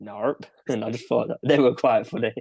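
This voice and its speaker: A man's voice: mid-range voice, fairly even intonation, fast talker, gravelly, a little mellow, slightly rough, no room sound. A young man co-hosting a casual film podcast, laid-back and laughing often. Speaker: podcast co-host. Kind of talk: casual film-review chat.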